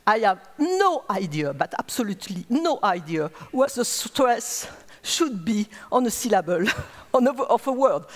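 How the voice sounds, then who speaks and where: A woman's voice: a little high, sing-song, measured pace. A woman with a French accent, a native French speaker, explaining earnestly as a neuroscientist at a conference and repeating words as she searches for them. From France. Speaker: neuroscientist giving a conference talk. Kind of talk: conference lecture. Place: large conference hall. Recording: reverberant lecture hall.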